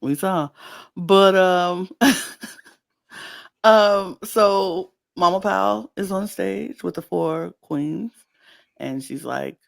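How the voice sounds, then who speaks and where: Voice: mid-range voice, extremely slow, gravelly, pauses often. A podcast co-host chatting casually and animatedly, often laughing and acting out quotes. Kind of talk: casual chat.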